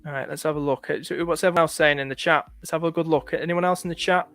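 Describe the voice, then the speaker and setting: A man's voice: on the high side, steady tone, racing, fairly bright tone, soft background music. A man from the north of England with a light northern accent, chatting casually on a live stream, stopping often to thank viewers. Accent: northern English, light. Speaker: livestream host.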